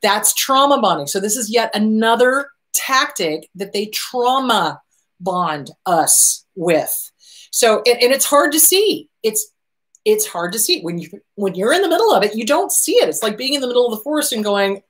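A woman's voice: a little high, very animated, moderate pace. A middle-aged woman hosting a relationship advice talk, answering viewer questions and driving her points home by repeating them. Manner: emphatic, repeats key phrases. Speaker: host.

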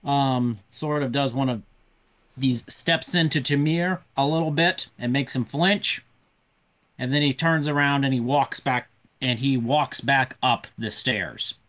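A man narrating a tabletop role-playing game as game master, pausing often with fillers. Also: mid-range voice, a bit bright, highs cut off. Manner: halting, with many fillers.

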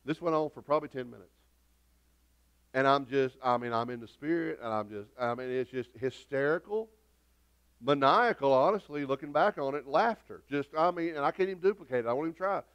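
A man's voice: mid-range voice, animated, fairly quick, a bit bright, clear, resonant tone, dull audio. A middle-aged man, preaching a sermon as pastor in a folksy, rambling storytelling way with many restarts. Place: church sanctuary.

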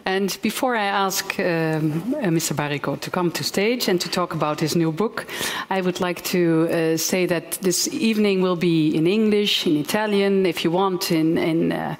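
A woman moderating a stage event, announcing with steady speech and small hesitations. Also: fairly low pitch, normal speed. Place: theater stage with an audience.

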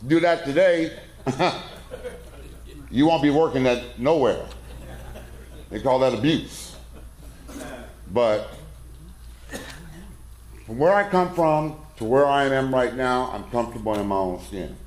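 A man's voice: medium pitch, takes it slowly, pauses often, a little mellow. Folksy middle-aged man in an echoey hall. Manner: folksy, rambling, self-deprecating. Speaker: football coach speaking at a men's conference. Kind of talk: casual talk with a story. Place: church hall. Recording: echoey room.

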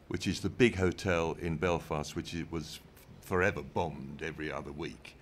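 An older man with an English accent, a former television director telling stories from his career in an interview, unhurried with dry humour. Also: extremely low pitch, fairly even intonation, a little hiss or hum. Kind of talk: anecdotal interview talk. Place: event stage in front of an audience.

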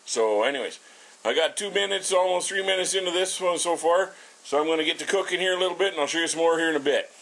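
A middle-aged male vlogger rambles and swears nonstop while showing off his small house and cooking, in a blunt, profane, ranting style. His voice is on the high side, creaky and fairly bright, and he talks fast.

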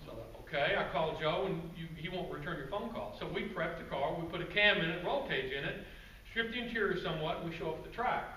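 A man giving a guest-speaker presentation to a club audience, telling stories in a relaxed, conversational way with asides to the crowd. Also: a little high, fast talker, few pauses. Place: meeting room with an audience. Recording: roomy, distant, faint background noise.

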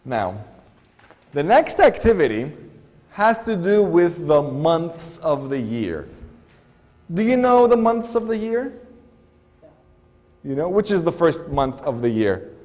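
A man's voice: on the high side, very animated, slow, long pauses, a little mellow, big-room sound. A man teaching an English lesson in a school classroom, patiently asking the class one question after another. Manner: patient, asks many questions.

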